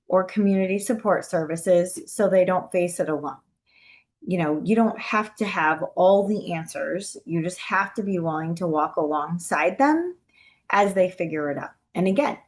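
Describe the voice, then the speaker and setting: A woman presenting a talk on brain health to caregivers, speaking casually with lots of "you know" and "um", gentle and encouraging. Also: lowish voice.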